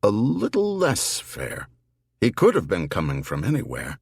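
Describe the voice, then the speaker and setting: A dry, quick-witted female army investigator, as a male narrator puts her on. She is lifted a little above his own deep voice and speaks with a wry, matter-of-fact edge. Her lines lilt expressively instead of landing flat. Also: creaky, slightly rough, no echo, exaggerated voice.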